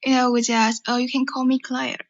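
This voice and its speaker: A woman college student whose first language is Chinese calls in to practice English. She asks question after question in a halting way. Her slightly high voice comes through a muffled line. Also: level tone, dry recording. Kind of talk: casual English practice chat.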